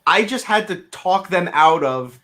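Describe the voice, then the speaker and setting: A man co-hosting a podcast, telling a story in casual, animated style and swearing freely. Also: sits high, unhurried. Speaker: podcast co-host.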